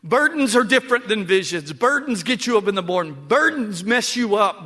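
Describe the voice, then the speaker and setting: High-voiced preacher swinging soft to loud. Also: male voice, sing-song, normal speed, hardly any pauses. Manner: swings from hushed to shouting. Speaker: pastor. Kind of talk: sermon.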